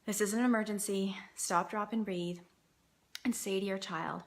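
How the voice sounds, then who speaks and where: A woman's voice: medium pitch, fairly even intonation, moderate pace, a bit bright. A woman parenting coach giving earnest, reassuring advice straight to her viewers. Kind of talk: direct-to-camera advice talk.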